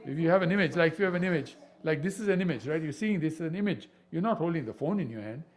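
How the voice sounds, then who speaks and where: A man teaching a devotional scripture class, animated and full of rhetorical questions. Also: a little high, rapid-fire. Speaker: spiritual teacher.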